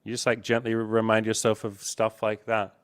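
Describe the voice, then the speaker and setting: A man's voice: lowish voice, monotone, brisk, smooth. A man hosting a casual coaching Q&A, talking in a candid, profane, easygoing way. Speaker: host.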